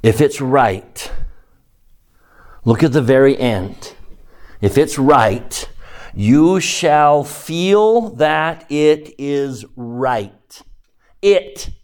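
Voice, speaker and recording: A man teaching a devotional lesson to a class, speaking slowly and deliberately and sometimes dropping to a hushed near-whisper for emphasis. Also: medium pitch, lively intonation. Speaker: religious teacher.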